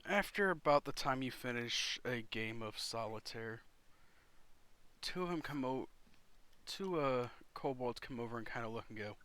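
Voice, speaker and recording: A man serves as game master for a tabletop game, narrating slowly and haltingly with many fillers. His mid-range voice is expressive with a sharp tone.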